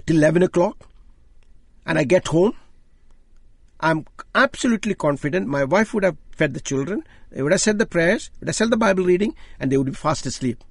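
An older man with an Indian accent gives a testimony sermon. His fairly high voice has a rough, husky edge, and his pitch swings widely as he acts out conversations in his stories. The recording is close and dry. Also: no echo. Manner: animated storyteller who acts out dialogue. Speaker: lay preacher.

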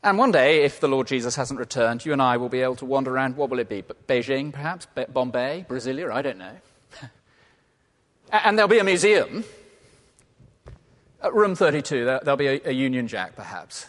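Male preacher from England, mid-pitched, animated and playful, earnest when quiet, echoing hall. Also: brisk. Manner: animated, playful asides and laughter, drops to quiet earnest tones. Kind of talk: sermon. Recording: long reverb of a large hall.

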